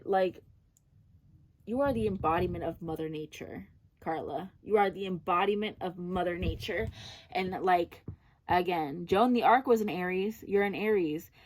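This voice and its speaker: A woman's voice: on the low side, darkish tone. Chatty, effusive woman tarot reader. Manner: chatty and effusive, says "girl" and "literally" often. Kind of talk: casual personal tarot reading.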